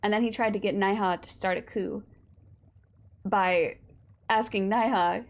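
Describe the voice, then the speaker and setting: Her voice medium in pitch and steady, a young woman talks a little slowly with frequent pauses. She is live-streaming a game, casually teasing her viewers in a playful manner and swearing from time to time.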